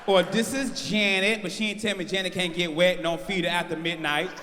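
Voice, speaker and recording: A man in his forties doing brash live stand-up with crowd work, shouting out his punchlines. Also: high-pitched, fairly even intonation, fast, noisy background. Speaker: stand-up comedian. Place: large live venue on stage. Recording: live house mix with long hall reverb.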